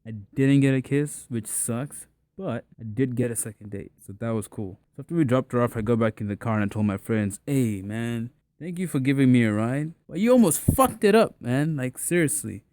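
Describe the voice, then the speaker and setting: A young man casually telling a personal story to the camera in a relaxed, slangy way, acting out the people in it. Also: mid-range voice, moderate pace, few pauses, clear, resonant tone, dry recording. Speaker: vlogger.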